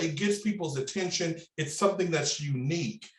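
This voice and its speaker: Animated Southern Indiana man in his thirties. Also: on the high side, normal speed, roomy sound. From Southern Indiana, USA. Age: 30s. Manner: animated, drawling, repeats words when starting. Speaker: panelist. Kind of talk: panel discussion storytelling.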